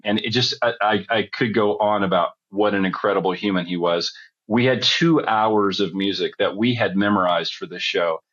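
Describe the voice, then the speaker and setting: Low-voiced middle-aged man telling a long story. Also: fairly bright tone, muffled recording. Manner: rambling, chatty storyteller who backtracks. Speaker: guest. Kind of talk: storytelling in a podcast interview.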